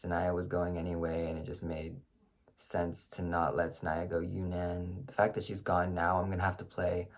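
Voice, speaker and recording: A man's voice: low-pitched, completely flat delivery, moderate pace. A man contestant explaining his vote in a matter-of-fact confessional. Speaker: game contestant. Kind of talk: confessional monologue.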